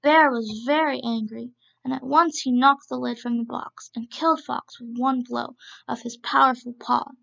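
A woman reads a children's story aloud with calm, even pacing. Though her voice sits fairly high, it has a strong gravelly crackle, captured in muffled, lo-fi sound.

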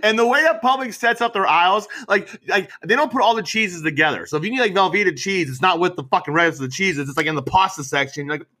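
A man's voice: high-pitched, quick pace, hardly any pauses. A man in casual podcast chat, swearing freely and laughing through his stories. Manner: profane, laughing, animated storytelling.

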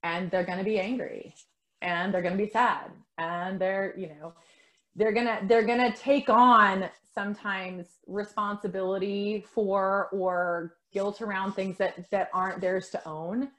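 Middle-aged woman coach, soft and reassuring, casual talk at a medium pitch. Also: steady tone, measured pace. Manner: gentle, reassuring, repeats words. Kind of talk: casual conversation.

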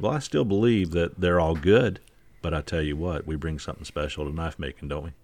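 A man's voice: low voice, a little fast. A man hosting a podcast in casual chat, rambling and jokey with lots of fillers. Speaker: podcast host.

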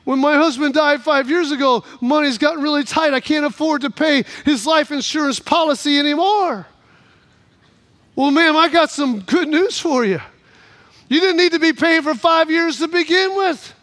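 A man's voice: extremely high pitch, normal speed, a bit bright. A man voicing a polite, formal insurance agent who keeps addressing a caller as ma'am. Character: male insurance company agent, polite and surprised.

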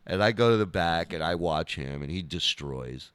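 A man's voice: low voice, normal speed, clear, resonant tone, no echo. A male comedian telling a story on a podcast, swearing and acting out scenes. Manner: animated, swearing, acts out scenes. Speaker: comedian guest.

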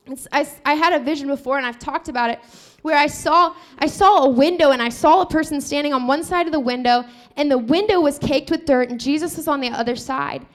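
A woman preaching a sermon, retelling scripture and acting out the dialogue with lively shifts of voice. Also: high voice, brisk, hardly any pauses.

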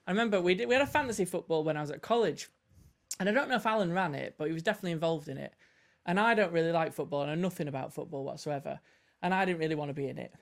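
A man's voice: fairly high pitch, gravelly. A man from north-west England, a Baptist minister, chatting as a podcast guest and telling anecdotes while acting out the lines of the people in them. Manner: rapid anecdotal storytelling, acts out quoted lines. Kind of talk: casual podcast chat, storytelling.

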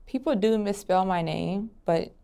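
A woman's voice: mid-range voice, unhurried, gravelly, dark tone, clean tone. A young woman from Atlanta answering interview questions in an easygoing way, laughing often. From Atlanta, Georgia. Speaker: interview guest. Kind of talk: relaxed sit-down interview answers.

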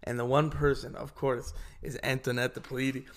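Young guy hosting a podcast, lively storytelling, laughs a lot. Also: mid-range voice, fairly quick. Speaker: podcast host. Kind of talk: casual interview chat.

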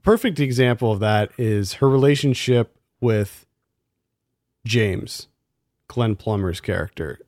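A man's voice: fairly low pitch, lively intonation, slow, a little mellow, no room sound, clean studio sound. A man in a casual film review chat, critical and exasperated, firing off rhetorical questions.

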